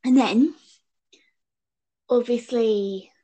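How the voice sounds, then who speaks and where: A woman's voice: a little high, drawn-out words, warm tone, slightly rough. A young woman chatting casually as a podcast co-host, rambling and giggly, stringing her thoughts together with "and then". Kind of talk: casual fan chat over a call.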